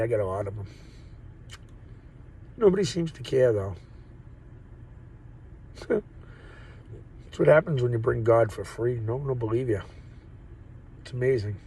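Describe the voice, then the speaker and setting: Gravelly rambling New man. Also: medium pitch, animated, normal speed, long pauses, warm tone, poor audio. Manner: profane, joking, wanders off topic. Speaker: vlogger. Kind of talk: rambling casual monologue. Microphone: phone or camera mic.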